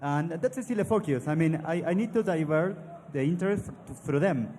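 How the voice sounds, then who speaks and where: A man's voice: on the high side, lively intonation, brisk, warm tone. A man from Argentina with a thick Argentine Spanish accent, a native Spanish speaker, speaking as a panel guest in thoughtful, slightly broken English. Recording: live hall with long reverb and faint ambience.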